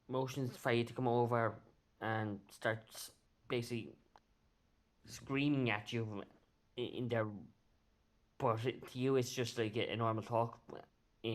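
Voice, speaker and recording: A man narrating as game master of a tabletop role-playing game, halting as he describes the scene. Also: mid-range voice. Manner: halting, many fillers and restarts.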